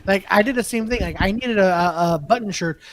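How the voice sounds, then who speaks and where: A man's voice: sits high, fairly quick, fairly bright tone. A man co-hosting a casual podcast, rambling and mixing in French phrases. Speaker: podcast co-host.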